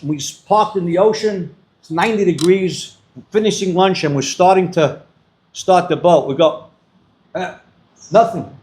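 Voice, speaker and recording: An older man giving a storytelling address to students as a guest speaker, acting out the dialogue in his stories. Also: high voice. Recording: roomy hall echo.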